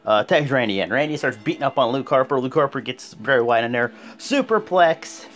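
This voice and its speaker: A man casually and excitably recapping a wrestling show for his viewers. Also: medium pitch, fast, soft background music. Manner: excitable, animated retelling. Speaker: video host.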